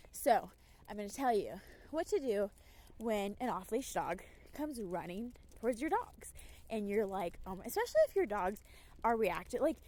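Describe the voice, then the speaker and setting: A young woman talks casually to camera with a high, bright-toned voice. She is emphatic and chatty, and she breaks into quick acted asides while giving dog-training advice. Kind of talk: casual talking-head advice.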